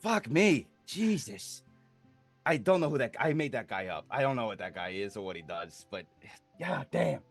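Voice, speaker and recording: A man voicing a tiny goblin-like wizard who runs an adventurers' guild, high and strained, swearing in exasperation. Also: very animated, normal speed, faint music behind. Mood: exasperated.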